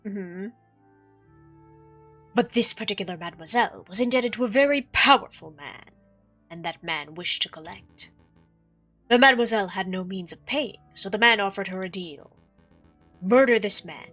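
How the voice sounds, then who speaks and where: Sly fox con man, silky and theatrical, bright tone, read by a woman. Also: medium pitch, moderate pace, faint music behind. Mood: storytelling. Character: sly smooth-talking male fox con artist. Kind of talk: reading game dialogue aloud.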